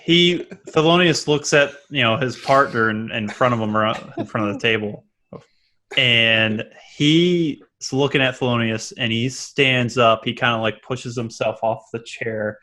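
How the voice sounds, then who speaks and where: A man narrating as dungeon master of a tabletop game, loose and halting, often laughing as he describes scenes. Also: medium pitch, pushed and bright.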